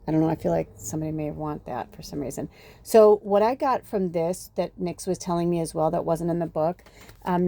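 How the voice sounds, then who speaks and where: A woman's voice: on the low side, dark tone. A woman spiritual reader in a casual, rambling monologue, swearing often and saying "like" a lot, recorded on a phone. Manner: rambling, frequent swearing, many "like"s.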